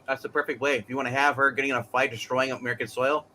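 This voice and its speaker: A man in a casual chat who is excitable and quick to cut in. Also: medium pitch, a little hiss or hum.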